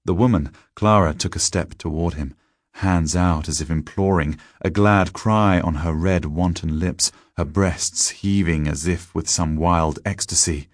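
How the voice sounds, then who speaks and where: A man giving a measured, dramatic reading of a gothic horror story. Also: extremely low pitch, steady tone, dry recording, studio quality.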